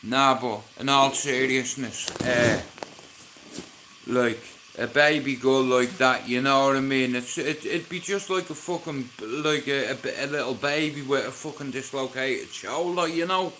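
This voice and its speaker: Irish man, live streaming on his phone at home, bright and sharp-toned voice, crude and sarcastic storyteller who does all the voices. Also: medium pitch, a little slow, a little hiss or hum. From Ireland. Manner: animated, profane, sarcastic storyteller acting out both sides. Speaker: livestream host.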